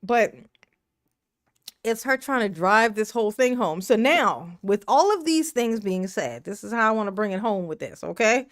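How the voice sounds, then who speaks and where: A woman's voice: mid-range voice, animated, normal speed, no room sound, clean studio sound. A woman hosting a casual live stream, reading viewer comments aloud, laughing often and talking in a slangy, emotional way. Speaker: livestream commentary host.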